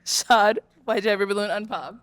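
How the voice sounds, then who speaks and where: A woman's voice: medium pitch, normal speed, a bit bright, no echo. Upbeat woman hosting a dating show.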